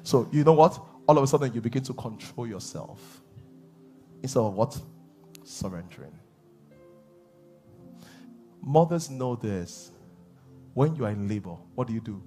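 A man preaching a sermon as pastor, animated, laughing and acting out voices. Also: mid-range voice, moderate pace, long pauses, soft background music. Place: church hall.

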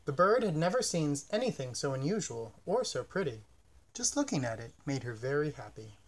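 A man reading a children's picture book aloud in a gentle, expressive storytelling manner. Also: fairly high pitch, a little fast.

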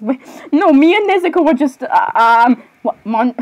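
Woman with a high voice for improvised solo comedy, fumbly and apologetic. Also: animated, normal speed, a little mellow, low-quality recording. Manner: hesitant, apologetic and giggly, with many restarts. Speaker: solo skit performer voicing many characters. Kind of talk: improvised comedic character skit.

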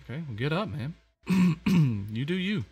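A man giving casual let's-play commentary on a horror game, chatty and quick to exclaim, often repeating himself. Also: fairly high pitch, lively intonation, a little mellow, breathy edge, soft background music. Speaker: gamer playing a horror game.

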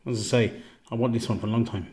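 A relaxed man in a mid-range voice chats outdoors while reviewing gear. He rambles, restarts his sentences and repeats himself. Now and then his voice drops to a quiet murmur. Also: medium pitch, fast. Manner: relaxed, repeats himself, stumbles over words. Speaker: knife reviewer. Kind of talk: casual product review vlog.

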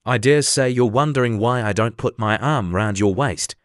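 A man's voice: medium pitch, moderate pace, no echo, clean studio sound, close to an everyday voice. A man reading as a prim, moralizing Duchess. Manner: prim, sententious. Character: moralizing, agreeable old female Duchess.

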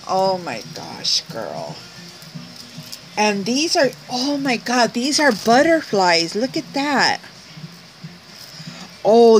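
A woman's voice: fairly high pitch, slight background noise. A woman vlogger opening a gift package at home at night, gushing and laughing as she shows each item to her viewers. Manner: gushing, excited, laughs often, exclaims over each item. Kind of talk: casual unboxing chat to viewers.

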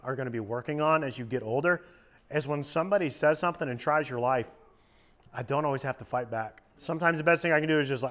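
A man who is a youth minister, giving a casual sermon in a lively, joking conversational way. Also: mid-range voice, quick pace. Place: church youth service.

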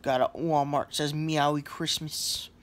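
A man's voice: on the high side, level tone, a little slow. A sleepy man lying on a couch at home, rambling in a casual vlog with lots of fillers and apologies. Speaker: vlogger.

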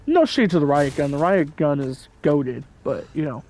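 A man's voice: on the high side, animated, moderate pace, darkish tone. A man giving casual gameplay commentary, rambling and hedging with lots of fillers.

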